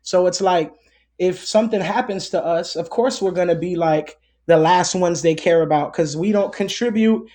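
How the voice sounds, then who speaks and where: Male guest, high voice, loose rambling delivery full of fillers. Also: normal speed, darkish tone. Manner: rambling, heavy on fillers and restarts. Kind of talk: casual conversation.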